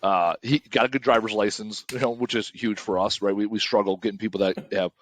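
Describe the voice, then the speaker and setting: A man's voice: lowish voice, fairly even intonation, brisk, slight background noise. A man talking casually as a podcast guest, blunt and emphatic, swearing and tagging lines with "right?".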